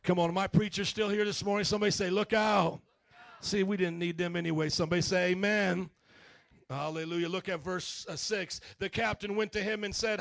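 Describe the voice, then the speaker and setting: A man preaching a sermon, telling stories with animated swings into loud delivery and calling on the congregation to repeat phrases. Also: high-pitched, normal speed, gravelly, no room sound. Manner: call-and-response with the congregation. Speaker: pastor.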